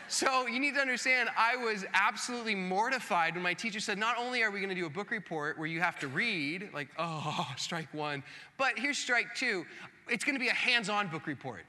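A man in his thirties, a pastor telling a self-mocking story in a sermon, animated and acting out the voices of others. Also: high voice, a little fast. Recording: long hall reverb.

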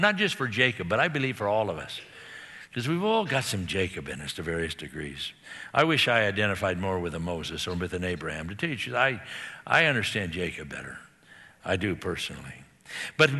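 A man preaching a sermon, retelling a story and acting out the characters' lines. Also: mid-range voice. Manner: animated, acts out the characters' lines. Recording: long hall reverb.

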